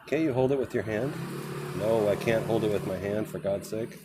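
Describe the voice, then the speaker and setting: A man's voice: lowish voice, normal speed, noisy background. A man live-streaming as he walks, chatting casually with viewers and talking to the animals he meets, laughing often. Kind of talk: casual live-stream chat while walking. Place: small shop and street outdoors.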